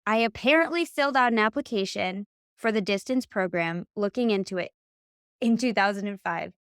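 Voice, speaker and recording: Podcast guest, woman, late 30s, lively storyteller who acts out quotes, dry close mic. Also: medium pitch, normal speed, smooth, no room sound. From Michigan. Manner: animated, acts out quoted dialogue. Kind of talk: casual storytelling.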